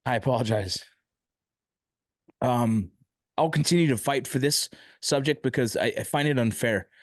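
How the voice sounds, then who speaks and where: A podcast host interviews a guest, speaking with emotion and frustration and frequently stopping and restarting. His voice is medium-pitched at a moderate pace, recorded in studio quality with no echo.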